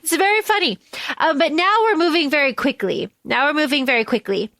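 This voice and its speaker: A young woman co-hosting a podcast, recapping a movie in casual, animated chat, swearing freely and acting out the scenes. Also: sits high, a little fast, no echo. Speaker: podcast co-host.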